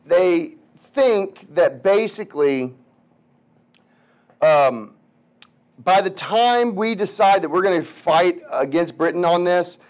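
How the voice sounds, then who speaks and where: A man with a high voice and a drawl teaching history in a loose, conversational way. He talks like he's chatting with students, full of slang. He keeps slipping into little voices for the people he quotes. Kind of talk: casual classroom lecture.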